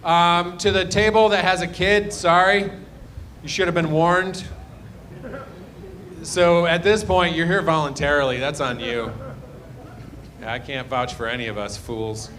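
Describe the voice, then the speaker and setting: Man, stand-up comedian, crowd work, slightly higher voice, self-deprecating, trailing off. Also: fairly even intonation, unhurried, long pauses, fairly bright tone. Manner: rambling, self-deprecating banter, trailing off low. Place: live comedy show.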